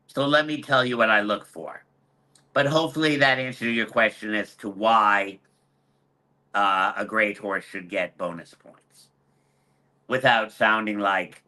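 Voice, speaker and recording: Very bright-voiced man explaining earnestly. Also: mid-range voice. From United States. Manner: earnest, repeats key points for emphasis. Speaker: hunter horse trainer and judge. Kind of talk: expert guest answering questions. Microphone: video call.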